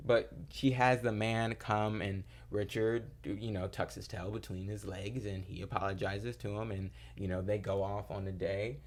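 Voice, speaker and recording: A man's voice: on the low side, steady tone, moderate pace, few pauses. A young man casually recapping a TV episode, rambling with lots of fillers and acting out quoted lines. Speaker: TV episode reviewer.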